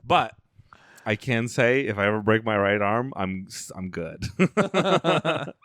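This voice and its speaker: A man's voice: fairly low pitch, lively intonation, slow, a bit bright, no echo, clean studio sound. A tired man co-hosting a casual comedy podcast, laid-back and mumbly, giggling often. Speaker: podcast co-host.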